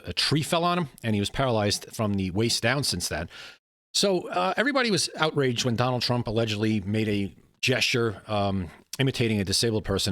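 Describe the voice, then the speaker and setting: Fast-talking indignant male commentator. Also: mid-range voice, a bit bright, dry recording. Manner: indignant, repeats words, restarts lines. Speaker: political commentator. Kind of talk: opinion commentary.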